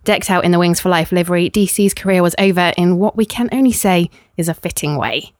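Woman host, dry deadpan awards read, close and dry sound. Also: lowish voice, brisk, no room sound. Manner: dry, deadpan reading with bursts of laughter. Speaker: podcast co-host presenting awards. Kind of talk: scripted comic awards segment.

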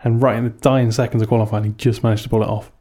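A man's voice: on the low side, little pitch movement, rapid-fire, mellow. A man co-hosting a casual chat podcast, chatty and teasing, often tagging rhetorical questions. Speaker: podcast co-host. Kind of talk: casual chat about motor racing.

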